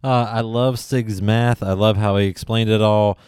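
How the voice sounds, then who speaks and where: A man with a low, smooth voice hosts a podcast and introduces clips with easy enthusiasm. The sound is dry and close, with no room around it. He talks casually and fills pauses with "uh". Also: fairly even intonation, darkish tone, dry recording. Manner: enthusiastic, chatty with many fillers. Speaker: podcast host. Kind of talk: casual recap narration.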